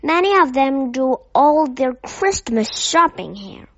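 A stiffly formal male salesclerk from a storybook, all polite flattery, as a woman reader puts him on. The voice sits fairly high and unhurried. The recording sounds a little dull and lo-fi. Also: over music, exaggerated voice. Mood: smooth, salesy. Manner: fawning, overly formal salesman. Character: pompous polite male shop assistant. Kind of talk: storybook reading. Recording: slightly dull lo-fi audio.

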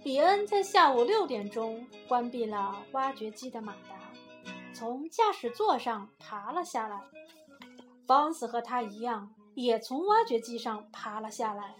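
A mother reading a children's storybook aloud in a steady, clear way. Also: on the high side, unhurried, soft background music.

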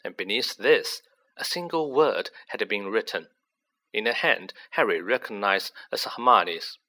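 A man narrating a storybook with dramatic, expressive delivery. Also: fairly low pitch, a little slow. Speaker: audiobook reader.

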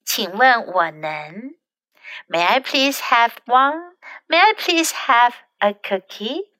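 A woman whose first language is Chinese, teaching children English in a bilingual lesson. She repeats each English phrase slowly after its translation. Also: on the high side, animated, bright, forceful tone, dry recording.

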